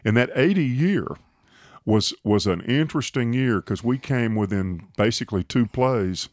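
A man's voice: mid-range voice, lively intonation, moderate pace, darkish tone, no echo, studio quality. A man hosting a talk show, chatting about old football seasons and recalling games and scores. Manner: conversational, reciting old game scores. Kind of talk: casual sports chat.

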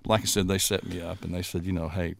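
A man in his sixties, a former football coach and the guest, telling lively stories from the sidelines and acting out the voices in them. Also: deep voice, fast, creaky. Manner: animated anecdote-telling, acting out quoted voices. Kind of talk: casual storytelling.

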